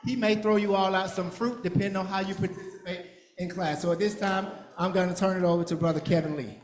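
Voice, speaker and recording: A man leading a church children's program, playful and energetic, teasing the kids and adults as he gets them moving. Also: high voice, fast. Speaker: VBS program leader. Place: large church hall. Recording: echoey hall with crowd.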